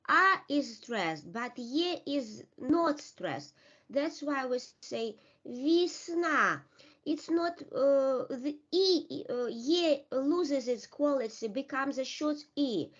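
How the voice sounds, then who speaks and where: Slow, halting woman teacher, high lively voice. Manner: slow, halting explanation with many fillers; carefully repeats example words for drills. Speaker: language teacher. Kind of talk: online language lesson. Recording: dull lo-fi recording.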